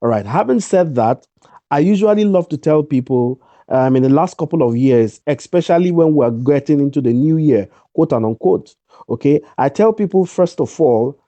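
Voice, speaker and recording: A man's voice: a little high, expressive, moderate pace, dark tone, no echo, dull audio. Emphatic man giving a motivational talk. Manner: emphatic, repeats key lines. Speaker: guest speaker.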